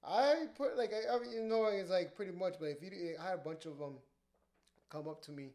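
A young man who works as a DJ, telling profane, animated stories in casual podcast chat. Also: high-pitched, fairly quick. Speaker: DJ and podcast co-host. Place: podcast studio.

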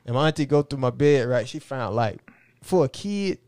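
Man, middle-aged, rambling storyteller, smooth resonant voice, dry close sound. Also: mid-range voice, lively intonation, moderate pace, a little mellow, dry recording. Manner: rambling, repeats "you know what I'm saying". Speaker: interview guest. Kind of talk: casual storytelling.

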